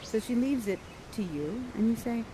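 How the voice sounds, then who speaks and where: Animated woman coaching actors. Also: on the high side, normal speed, slight background noise, poor audio. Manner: animated, coaching, reads lines aloud in a soft voice. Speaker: theatre director coaching actors. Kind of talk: directing a live VR Shakespeare performance.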